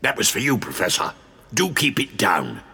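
A man's voice: fairly low pitch, wildly swooping pitch, normal speed, gravelly, sharp tone, breathy edge, heavily acted. A man in an audio drama playing a jovial, blustering Victorian theatre impresario with a florid, hearty manner. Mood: hushed.

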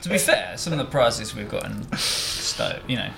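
A man's voice: mid-range voice, big pitch swings, creaky, over music. A man co-hosting a podcast, joking and bantering. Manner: joking, quick. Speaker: podcast co-host.

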